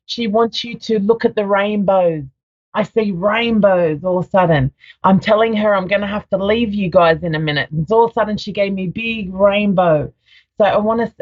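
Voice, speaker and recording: A woman's voice: mid-range voice, highs cut off. A woman psychic medium giving a live radio reading in a soothing, affectionate way, often calling the caller sweetheart.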